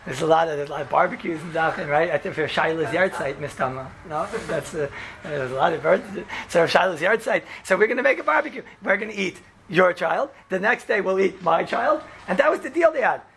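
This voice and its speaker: A man teaching a casual class as a rabbi, telling the story in an animated way and acting out the quoted lines, with lots of "right?" and "you know". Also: high-pitched, a little fast, gravelly, slight background noise. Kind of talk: casual classroom Torah lesson.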